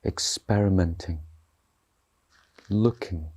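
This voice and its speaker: A man's voice: deep voice, slow, a little mellow, breathy edge. A man giving a dharma talk as a meditation teacher, speaking loosely and conversationally and often checking in with his listeners. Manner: conversational, checks in with tag questions.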